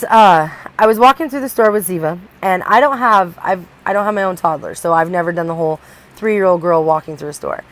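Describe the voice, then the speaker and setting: A woman's voice: medium pitch, poor audio. A young woman talking candidly in a personal vlog, rambling and restarting often as she opens up. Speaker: vlogger.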